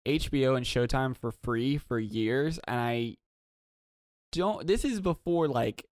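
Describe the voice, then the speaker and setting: A man's voice: medium pitch, slow, no echo, clean studio sound. A young man co-hosting a podcast in casual chat, laid-back and self-deprecating. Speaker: podcast co-host.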